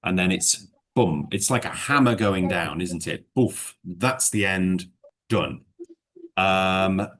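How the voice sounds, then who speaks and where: A man teaching English one-to-one in a relaxed lesson chat, rambling and hedging with many fillers, then explaining through worked examples. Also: fairly low pitch.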